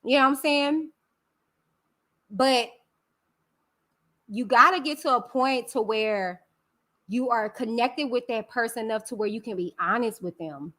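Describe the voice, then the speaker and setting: A woman's voice: a little high, a little slow, long pauses, a bit bright. A woman hosting a live stream, talking candidly and emphatically to her viewers, calling them y'all. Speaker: channel host.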